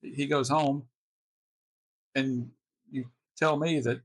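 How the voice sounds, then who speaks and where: A man hosting a reaction video, telling personal stories in a halting, casual way with wry chuckles. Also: mid-range voice, steady tone, dry recording. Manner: halting, restarts often, chuckles wryly.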